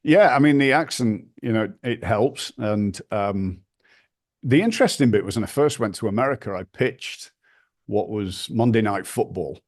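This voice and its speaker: Low-voiced northern English man telling stories. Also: moderate pace. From north of England. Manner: animated anecdotes, acts out quoted voices, swears casually. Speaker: podcast guest, brand founder. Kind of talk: storytelling interview.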